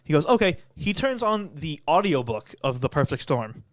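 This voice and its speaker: A man's voice: fairly high pitch, sing-song, normal speed, no echo, clean studio sound. A man co-hosting a casual podcast, joking and teasing the others. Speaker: podcast co-host. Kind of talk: casual chat.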